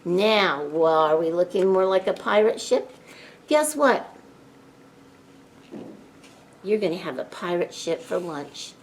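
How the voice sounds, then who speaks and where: A woman's voice: fairly low pitch, moderate pace, a little hiss or hum. Playful woman showing kids a snack craft. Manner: playful, pirate-flavored talk to kids. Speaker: library staff presenter. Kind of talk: children's craft demonstration.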